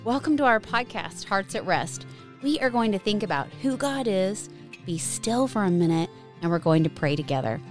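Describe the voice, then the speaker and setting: A woman hosting a family devotional podcast, guiding listeners gently and reading scripture slowly and soothingly. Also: mid-range voice, expressive, faint music behind. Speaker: podcast host.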